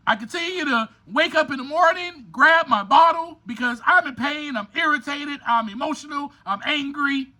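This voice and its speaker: A man hosting a podcast, giving a motivational monologue in an emphatic, preacher-like way, often pushing toward a shout and speaking straight to his listeners. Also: very high voice, normal speed, hardly any pauses. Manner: addresses listeners directly, repeating phrases. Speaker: podcast host.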